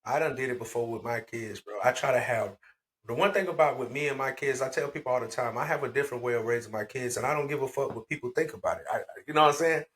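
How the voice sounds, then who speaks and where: Bright-voiced blunt man on a podcast. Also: medium pitch, fast talker. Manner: blunt, profane, animated storytelling. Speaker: podcast co-host. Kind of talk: casual chat.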